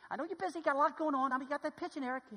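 A man preaching a sermon in a church, dramatic and animated, acting out little scenes and swinging between loud exclamations and hushed asides. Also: very high-pitched, racing. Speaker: pastor. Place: church sanctuary. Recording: hall reverb.

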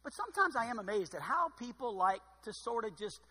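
A man preaching a sermon as pastor, expressive and dryly sarcastic, with loud emphatic bursts and quiet asides. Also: extremely high pitch, brisk, husky, big-room sound.

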